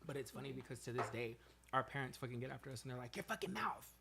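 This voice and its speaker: A man, chatting casually on a podcast and telling profane, animated stories. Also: mid-range voice, rapid-fire, gravelly, heavy background noise. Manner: profane, animated storytelling with put-on quotes. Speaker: podcast guest. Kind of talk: casual chat.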